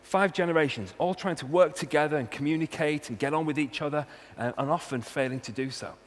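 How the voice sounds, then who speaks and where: A man's voice: fairly high pitch, a little fast. A man with a Welsh accent, a university researcher giving a humorous talk and hitting key words with punchy emphasis. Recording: long hall reverb, faint hum.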